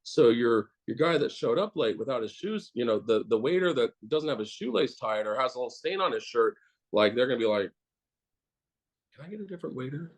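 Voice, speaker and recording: A man's voice: mid-range voice, lively intonation, fairly quick. A man, a dentist, talking bluntly and casually in an interview, rambling with many fillers and swearing.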